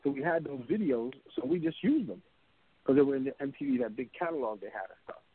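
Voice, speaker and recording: A man in his fifties, an interview guest telling an animated story and acting out other people's lines in a higher voice. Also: fast, slightly rough. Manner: acts out quoted people in a higher voice. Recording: tinny phone-like line.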